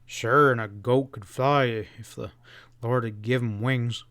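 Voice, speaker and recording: A man's voice: mid-range voice, steady tone, a little slow, fairly bright tone, no echo. A man voicing a folksy, meek middle-aged rancher in a western audiobook, talking in plain cowboy speech. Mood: easygoing. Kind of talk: audiobook character voice.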